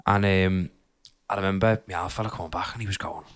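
A man's voice: low-pitched, fairly even intonation, fast. A young man with a Liverpool accent chatting casually and swearing freely on a podcast. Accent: Liverpool (Scouse). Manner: swears freely, chatty, rambling, laughs often. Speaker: podcast co-host. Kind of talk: casual chat.

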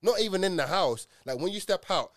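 A young man in casual chat, telling stories in an animated way and full of slang. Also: sits high, brisk, no room sound, clean studio sound.

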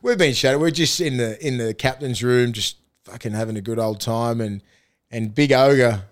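A man's voice: mid-range voice, normal speed. A man with an Australian accent, a former rugby league player, telling rambling, profane anecdotes with frequent laughter in a casual podcast chat.

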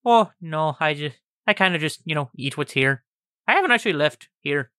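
A man's voice: a little high, fairly quick, clear, resonant tone, no echo, clean studio sound. A man running a tabletop game, narrating and playing characters in a playful, joking way. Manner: animated, playful, laughs often. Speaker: game master.

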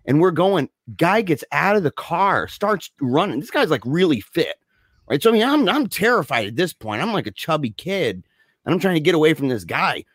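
A man casually telling a story, slangy and animated, acting out the voices of the people in it. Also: on the high side, moderate pace, no echo, clean studio sound. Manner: animated, acts out voices in his stories; slangy, says dude and man often. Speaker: podcast co-host telling a story.

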